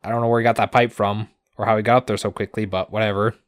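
A man co-hosting a podcast, recapping episodes in casual chat with sarcastic asides, casual swearing and quick put-on character lines. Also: on the low side, flat delivery, dry recording.

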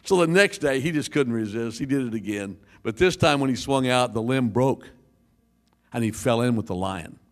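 A man preaching a sermon as pastor, telling jokes and stories in a lively way. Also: mid-range voice, moderate pace.

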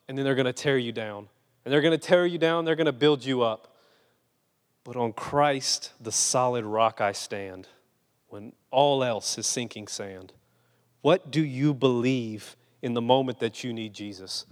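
A man preaching a sermon, dramatic and insistent, firing off rhetorical questions and acting out the scripture he quotes. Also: mid-range voice. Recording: long reverb in a large hall.

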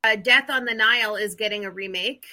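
Chatty woman co-host, very bright tone, rambling delivery. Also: medium pitch, fairly quick. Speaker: podcast co-host. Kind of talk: casual chat.

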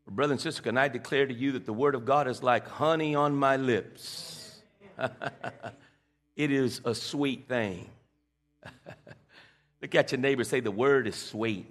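A man's voice: mid-range voice, measured pace, long pauses, a bit bright. A man preaching a sermon, calling on the congregation to repeat lines and restarting his phrases as he builds a point. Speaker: pastor.

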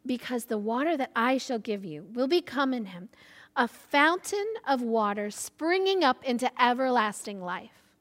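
A woman preacher voicing Jesus as a patient, gentle teacher, speaking calmly and earnestly. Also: on the high side, moderate pace. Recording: echoey hall with long reverb.

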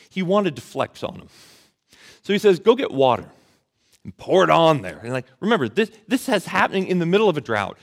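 Lively, fairly high-voiced male preacher. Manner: conversational, asks the audience questions; storytelling with casual slang. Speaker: pastor. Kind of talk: sermon.

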